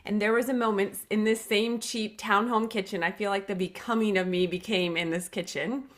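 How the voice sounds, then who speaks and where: A woman's voice: mid-range voice, steady tone, moderate pace. A middle-aged woman, a podcast guest, telling a personal story in an earnest, reflective way with emphatic restarts.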